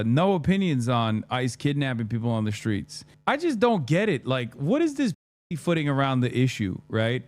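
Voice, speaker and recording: A man's voice: mid-range voice, no room sound. A man streaming his reactions to clips, mocking and heated, swearing often and laughing at what he watches. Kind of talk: profane reaction commentary.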